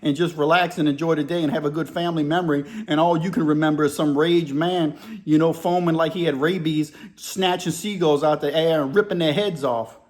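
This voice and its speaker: A man hosting a crime channel, giving animated, slangy commentary on a news story and laughing as he talks. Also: fairly high pitch, a little fast, hardly any pauses.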